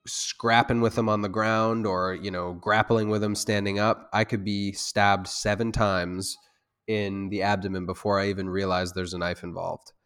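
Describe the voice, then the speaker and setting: Low-voiced self-defense instructor, rambling. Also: male voice, level tone, moderate pace, smooth. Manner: loose, rambling talk with many restarts and fillers; gets loud and heated when making a point. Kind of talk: conversational interview.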